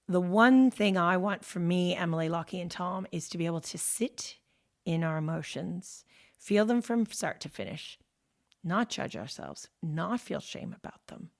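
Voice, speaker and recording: A woman's voice: lowish voice, creaky. A woman guest on a podcast talking candidly and animatedly, acting out her own inner thoughts in quoted asides. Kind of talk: candid conversational storytelling.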